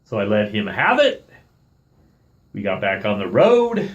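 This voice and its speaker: A middle-aged man telling a story in a casual vlog, animated and irritated, playing both sides of an argument and calling himself by name in the third person. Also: on the low side, unhurried, pauses often, narrow, tinny audio. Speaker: vlogger.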